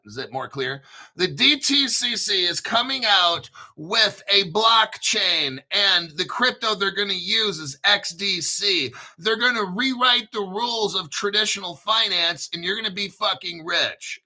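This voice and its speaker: A man's voice: high-pitched, lively intonation, a little slow, pushed and bright. A male host giving casual livestream commentary in a brash, profane, joking hype manner. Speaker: crypto show host.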